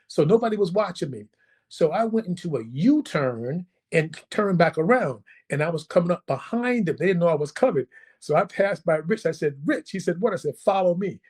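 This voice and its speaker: Man, podcast guest, casual storytelling, animated, slightly higher voice, acts out dialogue. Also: brisk, breathy edge. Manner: animated, acts out quotes, checks in with "right?" and "okay?".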